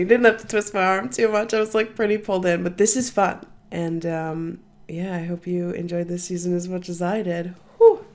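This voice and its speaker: Gushing, swearing young woman host. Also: fairly low pitch. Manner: gushing, swears freely, laughs often. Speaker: reaction channel host. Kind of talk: casual reaction commentary.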